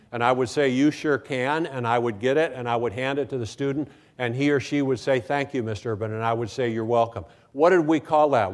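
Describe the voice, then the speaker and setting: An older man giving a conference talk about teaching, telling stories and acting out the voices of students in between frequent "okay, now" asides. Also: mid-range voice. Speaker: speaker at a conference. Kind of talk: keynote talk with anecdotes.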